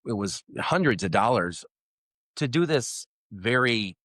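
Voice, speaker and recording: A man's voice: medium pitch, expressive, unhurried, fairly bright tone, no echo. A middle-aged man, co-hosting a podcast in a casual, rambling chat with dry self-deprecating jokes. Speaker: podcast co-host.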